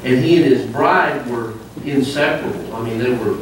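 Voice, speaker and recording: A man's voice: mid-range voice, normal speed. A man preaching a sermon in a conversational, storytelling manner in a church. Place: church sanctuary. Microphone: wireless mic cutting out. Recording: echoey sanctuary, distant mic, faint noise.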